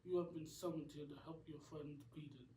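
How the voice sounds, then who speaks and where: A man's voice: fairly high pitch, little pitch movement, brisk, dark tone, slight background noise, natural voice. A man voices a wise music master who speaks earnestly and respectfully. It is amateur cartoon voicing. The sound is roomy and distant. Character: wise male music teacher, earnest and deferential. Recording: roomy echo, distant mic.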